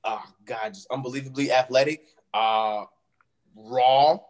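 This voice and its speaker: A man's voice: medium pitch, unhurried. A man from Illinois, a pro wrestler, chatting casually as a podcast guest and laughing often.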